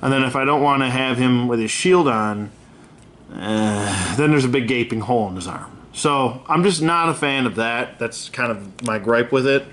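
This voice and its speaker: A man's voice: mid-range voice, moderate pace, fairly bright tone. A man reviewing action figures in a casual, rambling way. He is candid and gripes openly, swearing freely, with plenty of fillers and self-corrections.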